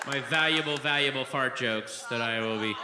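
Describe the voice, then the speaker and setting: A man doing a live stand-up set in a comedy club, ranting profanely and shouting at the audience. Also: medium pitch, normal speed, big-room sound. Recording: live club recording, crowd and room noise.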